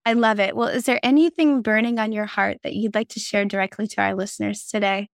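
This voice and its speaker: A woman's voice: medium pitch, steady tone, fast, creaky, no room sound, clean studio sound. A woman hosting a faith podcast, enthusiastic and affirming as she chats with her guest. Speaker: podcast host. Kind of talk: casual faith podcast chat.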